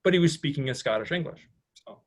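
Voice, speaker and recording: A man's voice: fairly high pitch, expressive, quick pace. A man presenting a slideshow to an audience in a meeting room, chatty and rambling, with many restarts. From United States. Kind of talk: informal slideshow talk.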